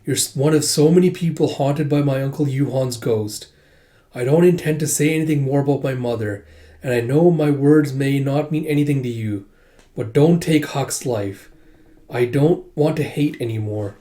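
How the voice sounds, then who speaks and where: A resolute young princess, read by a man in a plain, mellow voice. She speaks calmly and earnestly, a storybook heroine. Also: medium pitch, normal speed, lightly acted.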